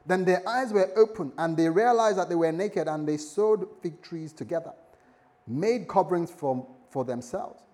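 A man's voice: high voice, normal speed, a little mellow. A man preaching a sermon, telling a scripture story with asides and jokes to the congregation. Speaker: pastor.

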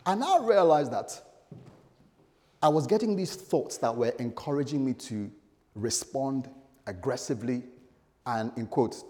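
A man's voice: mid-range voice, very animated, measured pace, a little mellow. A middle-aged man preaching a sermon, telling a story dramatically with humorous asides to the congregation. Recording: echoey hall.

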